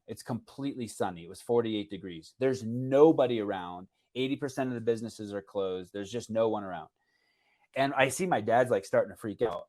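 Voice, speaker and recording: Man, podcast host, casual storytelling, rambling, restarts, average pitch. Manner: animated, rambling with restarts and fillers.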